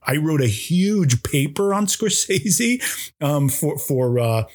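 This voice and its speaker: A man's voice: on the high side, expressive, slow, darkish tone. A man co-hosting a podcast, chatting casually and eagerly about films, with frequent word repeats. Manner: enthusiastic, repeats words, does little voices in anecdotes. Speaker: podcast co-host. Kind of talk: casual film discussion.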